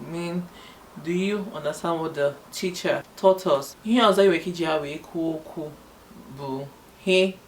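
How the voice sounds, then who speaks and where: A woman giving a spoken language lesson, spelling out letters slowly and explaining example sentences. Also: fairly low pitch, a little hiss or hum. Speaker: language teacher.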